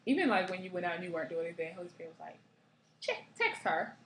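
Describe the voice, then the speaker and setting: A woman chatting casually with a friend, adding quick, giggling remarks. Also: fairly low pitch. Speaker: co-host, friend. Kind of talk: casual chat. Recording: echoey room with faint noise.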